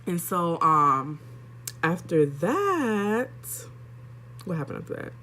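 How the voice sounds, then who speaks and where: A woman's voice: fairly low pitch, sing-song, slow, sharp tone, slight background noise. A young woman vlogger telling a personal story in a candid, chatty way, addressing her viewers directly. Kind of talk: casual storytelling vlog.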